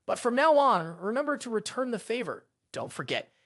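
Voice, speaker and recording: Male narrator as a proud sun god, indignant, high and animated, storybook recap. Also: brisk, dry recording, studio quality, full character voice. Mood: furious. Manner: indignant, complaining.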